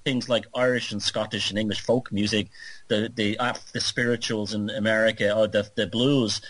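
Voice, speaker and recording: Animated man on a dry radio line. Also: fairly low pitch, moderate pace, breathy edge, dry recording, rough recording. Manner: animated, critical, talks in long run-on stretches. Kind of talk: conversational radio interview.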